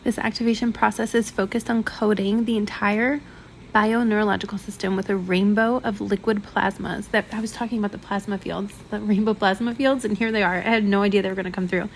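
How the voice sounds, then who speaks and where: A woman reads a spiritual transmission aloud and stops often to talk it over. She speaks haltingly, stumbles over her words, and fills the gaps with ums and likes. Her voice sounds a little shaky, and faint noise sits under the recording. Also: mid-range voice, steady tone. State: slightly shaky voice. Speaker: spiritual channeler. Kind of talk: reading and commenting on a channeled transmission.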